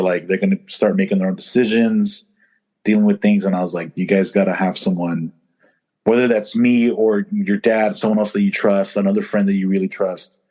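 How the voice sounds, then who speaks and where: A man's voice: on the low side, darkish tone. A man co-hosting a podcast, telling stories in a loose, rambling way full of fillers. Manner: rambling storyteller with many fillers. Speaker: podcast co-host. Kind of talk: casual chat.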